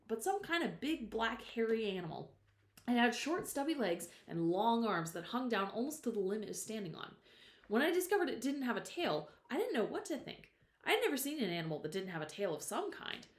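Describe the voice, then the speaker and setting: A woman reads a chapter of a novel aloud with lively, swinging pitch. She stops now and then to explain an old word to her listeners. The room echoes around her voice. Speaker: storyteller. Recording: roomy echo.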